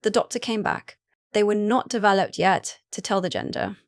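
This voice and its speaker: Woman narrating a romance audiobook, steady even read, dead dry close mic. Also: mid-range voice, moderate pace, dry recording.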